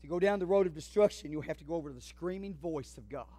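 A man's voice: a little high, fast talker, dark tone, faint music behind. A man preaching a sermon as pastor, fervent and emphatic, speaking straight to his congregation. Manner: addresses the congregation directly.

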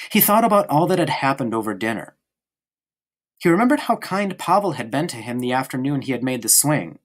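A man narrating a novel chapter aloud with expressive, carefully paced emphasis. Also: mid-range voice. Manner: expressive, varied reading with slowed emphasis. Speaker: audiobook reader. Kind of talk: storybook narration.

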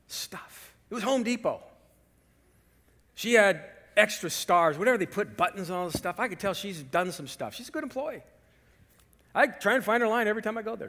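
A man preaching a sermon as pastor, swinging from loud emphasis to hushed whispers and telling lively stories with rhetorical questions. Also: high-pitched, big-room sound. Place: church sanctuary.

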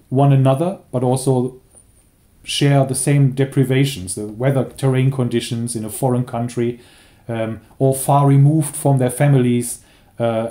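A historian explaining carefully and with some hesitation in a documentary interview. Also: male voice, medium pitch, mellow.

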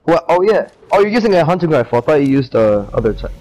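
A man in casual gaming voice chat, excitable, pleading and teasing, jokingly bossy with his friends. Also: on the high side, fast talker, low-quality recording. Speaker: gamer playing with friends. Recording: game gunfire and clicks over the voice.

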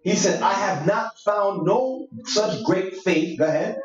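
A man's voice: high-pitched, expressive, a little slow. A man leading a Bible study, preaching emphatically in a conversational way with street slang. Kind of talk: sermon-style Bible teaching. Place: church meeting room. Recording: echoey room, distant mic, dull sound.

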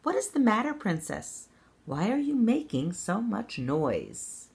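A woman's voice: medium pitch, huge pitch swings, measured pace, creaky, noisy background, pitched above the performer's own voice, exaggerated voice. Storybook frog, small and ugly, pleading and bargaining, put on by a woman reader. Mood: curious. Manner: earnest, bargaining. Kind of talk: children's read-aloud.

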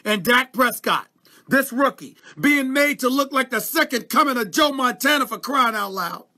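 High-pitched, piercing ranting sports commentator man. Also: animated, normal speed. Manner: loud, emphatic, repeats phrases for punch. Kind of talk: heated sports-TV rant.

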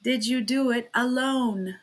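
A woman's voice: on the high side, takes it slowly. A woman reading the part of an agitated middle-aged male magistrate with exclaiming, pressing questions.

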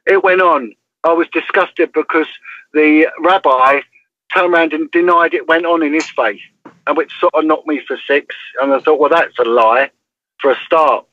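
A man's voice: fairly high pitch, normal speed, pushed and bright, no room sound. Emphatic English man on a dull, lo-fi line. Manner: emphatic storyteller, tags points with "right?". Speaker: interview guest, former police detective. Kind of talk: telling a story in a call-in interview.

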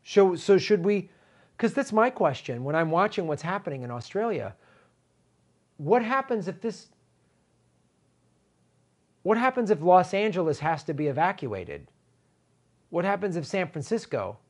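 Indignant high-voiced male commentator. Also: measured pace, long pauses. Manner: animated, indignant, emphatic repetitions. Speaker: political commentary host. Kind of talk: impassioned political commentary.

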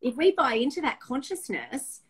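A woman's voice: high voice, sing-song, normal speed, poor audio. A middle-aged woman, a guest sharing personal stories candidly and emotionally, often restarting her sentences. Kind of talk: open personal storytelling.

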